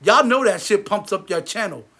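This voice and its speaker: A man and movie theater owner ranting angrily to camera, heated and repetitive, his voice sinking low and quiet between outbursts. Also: lively intonation, normal speed, vocal fry. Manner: repetitive, many restarts. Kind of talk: angry rant to camera.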